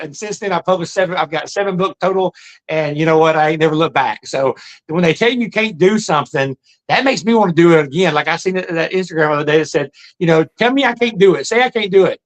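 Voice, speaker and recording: A middle-aged man tells his life story in a high voice. He talks fast and plainly, with an earnest, folksy manner. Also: a bit bright, rough recording. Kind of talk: casual storytelling monologue.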